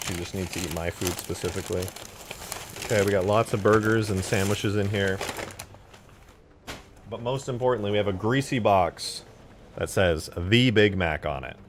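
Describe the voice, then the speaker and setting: A man live-streaming, chatting casually and excitedly with his viewers while eating and reacting to videos. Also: lowish voice, moderate pace, pauses often, noisy background. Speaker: livestreamer reacting to game mod videos.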